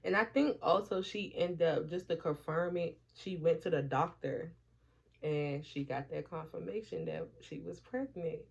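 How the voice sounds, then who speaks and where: Profane, animated woman vlogger. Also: low voice, a little slow, creaky, husky. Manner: profane, animated, acts out quoted friends. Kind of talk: casual storytelling chat. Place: at home, doing her hair while talking. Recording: dull lo-fi audio.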